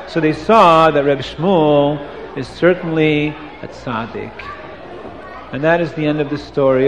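A man telling a moral story to listeners, hushing them and moving between soft and emphatic delivery. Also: sits high, in a large hall, a little hiss or hum.

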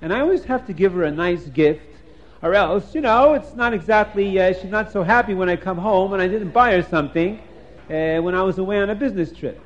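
A man voicing a talkative, excitable poet who is a husband, rambling on in a storyteller's telling. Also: high voice, fairly quick, close to an everyday voice. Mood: chatty. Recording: dull lo-fi recording.

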